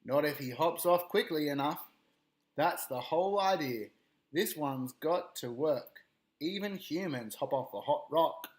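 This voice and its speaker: A big, kindly male kangaroo from a storybook, as a man acts him out, hearty and sure of himself. He gives orders in a firm, commanding way, with a lively rise and fall and an unhurried pace. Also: on the high side.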